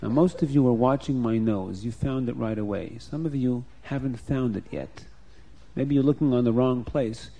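A man's voice: medium pitch, normal speed, mellow. A man telling a story to children, speaking directly to his young listeners with playful rhyming asides.

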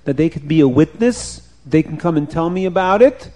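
A man voicing a fair-minded king who speaks in a calm, measured way. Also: a little high, natural voice. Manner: measured, reasoning.

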